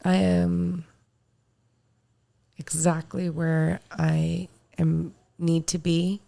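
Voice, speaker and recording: A woman co-hosting a casual podcast, talking in a calm, self-assured way. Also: lowish voice, drawn-out words, vocal fry. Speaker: podcast co-host. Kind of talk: casual chat.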